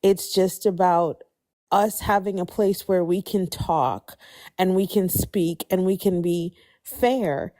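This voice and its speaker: A woman's voice: fairly low pitch, takes it slowly, dark tone. Emotional woman thanking a live stream host. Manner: emotional, grateful, rambling with many restarts. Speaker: guest speaking on a live stream. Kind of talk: heartfelt casual chat.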